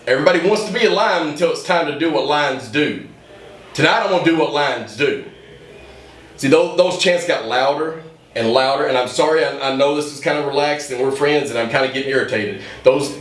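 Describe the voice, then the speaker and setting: A man's voice: a little high, recorded from a distance. A man, a pro wrestler, giving an intense promo interview that grows heated. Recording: roomy echo, voice off-mic.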